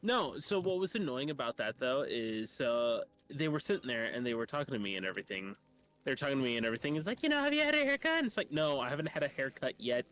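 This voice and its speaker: A man's voice: fast, fairly bright tone. Swearing, rambling male streamer. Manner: rambling storyteller, swears, mimics people in a high voice. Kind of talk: casual chat on a livestream.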